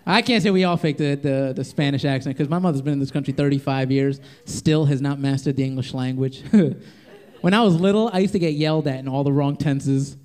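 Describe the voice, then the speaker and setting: A man's voice: mid-range voice, a little fast, a little mellow. A young man doing a stand-up comedy set in a club, brashly teasing the audience and acting out characters. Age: young adult. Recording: live club audio with crowd laughter. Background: audience laughing.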